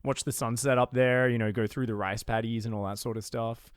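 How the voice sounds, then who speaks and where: Australian guy, podcast guest, quick and lively, dry close mic. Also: mid-range voice, clear, resonant tone, dry recording. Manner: animated storyteller, acts out street vendors. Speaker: esports caster, guest. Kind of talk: casual podcast chat.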